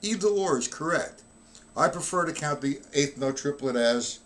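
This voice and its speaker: A drum teacher with a slightly high, fairly bright voice speaks at normal speed during a live-streamed lesson. He isn't feeling well, coughing now and then, and counts the beats aloud while he demonstrates.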